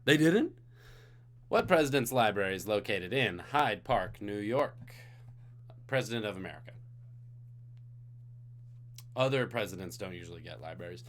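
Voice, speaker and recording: A male trivia host on a live stream, reading questions in a lively, swooping voice. He sounds tired but keeps joking with the chat between questions. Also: fairly low pitch, normal speed, long pauses, slight background noise.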